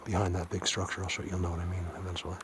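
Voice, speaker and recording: Excitable rambling man in a forest. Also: sits low, rapid-fire. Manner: rambling and excitable, drops to hushed tones. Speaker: bigfoot researcher vlogger. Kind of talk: casual walking vlog. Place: outdoors in a forest. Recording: outdoor ambient noise.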